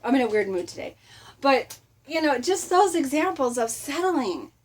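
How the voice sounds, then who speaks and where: A middle-aged woman giving a casual motivational talk, chatty and animated, often laughing and acting out little quotes. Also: sits high, moderate pace. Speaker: motivational vlogger.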